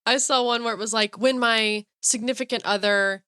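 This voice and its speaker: A woman co-hosting a podcast in casual chat, animated and quick to burst into laughter. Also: a little high, clean tone, no echo, clean studio sound. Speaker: podcast co-host. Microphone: close studio mic with headphones.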